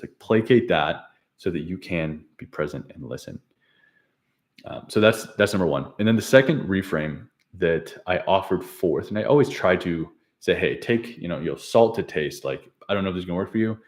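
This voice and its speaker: A young male habit coach with a deep, low voice talks through a client session in a loose, unscripted way. He wanders off track, corrects himself and laughs at his own mistakes. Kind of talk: casual unscripted vlog recap.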